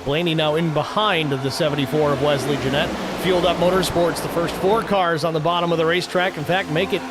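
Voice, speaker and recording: Male play-by-play host, higher pitch, noisy broadcast audio. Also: fairly even intonation. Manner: brisk, matter-of-fact race calls. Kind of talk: sim racing play-by-play commentary.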